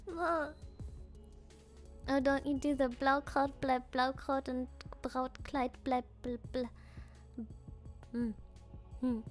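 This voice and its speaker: High-voiced playful woman streamer. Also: slow pace, long pauses, faint music behind. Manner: playful, giggly, trips over tongue twisters; mixes in Japanese fillers. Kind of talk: casual stream chat.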